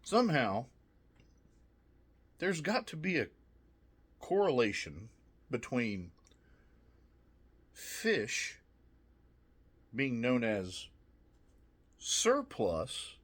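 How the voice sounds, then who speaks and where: A man's voice: medium pitch, huge pitch swings, drawn-out words, pauses often, a bit bright, breathy edge. A man casually reviewing snacks, reading trivia aloud with jokey asides, swearing and laughing often.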